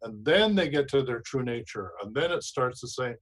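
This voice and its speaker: Man, host, emphatic, preachy, repetitive, medium pitch. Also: expressive, normal speed, poor audio. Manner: emphatic, preachy, repeats phrases. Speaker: show host. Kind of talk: casual advice talk.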